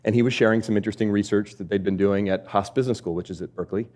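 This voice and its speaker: A male speaker gives a motivational talk, moving through stories at a quick clip. He keeps the audience involved with rhetorical questions and a conversational manner. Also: fairly low pitch. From United States. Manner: lively storytelling with rhetorical questions. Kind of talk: keynote talk.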